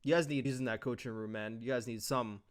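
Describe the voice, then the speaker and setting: A man's voice: mid-range voice, fairly even intonation, rapid-fire, clear, resonant tone. A man giving heated, profane commentary on a match as an esports analyst, talking at home. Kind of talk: ranting commentary.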